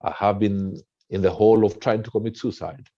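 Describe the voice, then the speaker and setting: A man playing a calm, reassuring rescuer who speaks low and steady to a frightened man beside him. The recording is muffled and lo-fi. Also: fairly quick, lightly acted. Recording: dull lo-fi sound.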